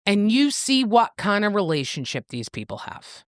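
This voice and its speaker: A woman's voice: mid-range voice, very animated, moderate pace, no room sound, studio quality. A woman co-hosting a casual book-club podcast, retelling the plot with acted-out quotes and a bit of swearing. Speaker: podcast co-host.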